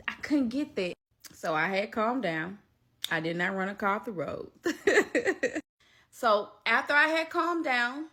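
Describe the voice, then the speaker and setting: A woman tells her story in a storytime vlog. She is animated and emphatic and speaks straight to her viewers. Her voice is bright and ringing. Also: medium pitch. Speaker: storytime vlogger.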